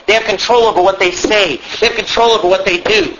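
A man's voice: high voice, fairly even intonation, quick pace, dull audio, background noise. A man preaching a sermon emphatically, repeating points and firing questions at the congregation. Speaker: pastor.

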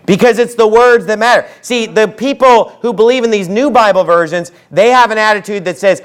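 Male preacher, high-pitched, fiery sermon, forceful outbursts, slows on scripture quotes. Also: clean tone. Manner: forceful preaching, swings from low asides to shouted outbursts. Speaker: pastor.

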